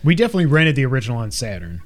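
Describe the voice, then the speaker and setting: Chatty podcast co-host, middle-pitched man. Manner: chatty, animated, quick asides. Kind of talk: casual gaming chat, reading news aloud.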